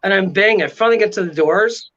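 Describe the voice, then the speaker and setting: Excitable high-voiced man, dramatic storyteller, muffled lo-fi audio. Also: fast talker. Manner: excitable, dramatic retelling with frequent "right?". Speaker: paranormal investigator guest. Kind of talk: animated storytelling in casual interview.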